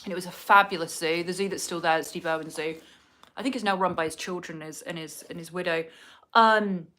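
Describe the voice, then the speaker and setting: A woman's voice: fairly low pitch, steady tone, a little fast, pushed and bright. Chatty woman doing makeup. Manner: rambling, chatty, talks to viewers while doing makeup. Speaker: vlogger. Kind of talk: casual get-ready-with-me chat. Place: at home indoors.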